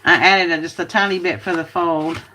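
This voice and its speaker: A woman's voice: fairly low pitch, steady tone, normal speed, sharp tone. A woman hosting a casual craft video, chatting to viewers and muttering to herself as she works. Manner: chatty, talks to herself while working, grumbles.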